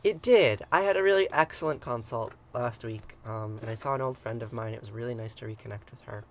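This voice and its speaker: A man hosting a morning livestream, reading an old myth aloud and chatting with viewers, hesitant with many ums and quick to chuckle. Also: mid-range voice, a little hiss or hum. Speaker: livestream ritual host. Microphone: livestream computer mic.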